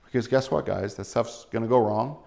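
Man, pastor, conversational sermon, joking asides, acted-out quotes, soft low voice on key points. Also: a little fast, vocal fry.

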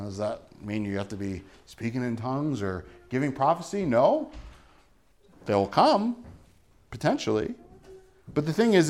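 A man preaching a sermon as pastor, earnest and emphatic, moving into a quiet closing prayer. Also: a little high. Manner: earnest, rising to emphatic then hushed in prayer.

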